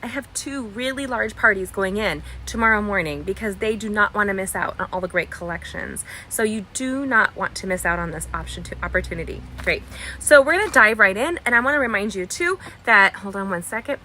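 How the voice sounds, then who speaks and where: Bubbly, bright-voiced woman crafting teacher. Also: mid-range voice, expressive, a little fast, slight background noise. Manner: chatty, bubbly, digressive, greets viewers by name. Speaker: card-making instructor. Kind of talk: live online craft tutorial. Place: cluttered crafting desk.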